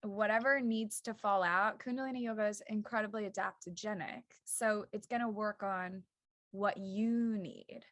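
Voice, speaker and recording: A woman's voice: medium pitch, fairly even intonation, normal speed, a bit bright, dry recording. A woman who teaches yoga, a guest on a podcast, explaining earnestly and acting out the thoughts that run through her head. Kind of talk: casual chat.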